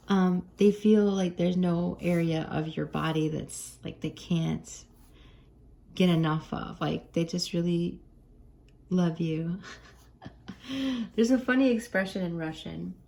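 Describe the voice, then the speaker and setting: Mellow-voiced American woman reading tarot. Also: on the low side, vocal fry. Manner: chatty and gentle, laughs often. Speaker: tarot card reader. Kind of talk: casual tarot reading to viewers.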